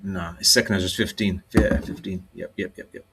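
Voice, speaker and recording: A middle-aged British man gives an informal sermon in a blunt, swearing street style. He checks in with "okay?" and "all right?" after his points and slows down to read scripture aloud. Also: deep voice, fairly even intonation, a bit bright, breathy edge. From United Kingdom. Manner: reads scripture aloud slowly. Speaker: religious preacher. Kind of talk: informal preaching monologue.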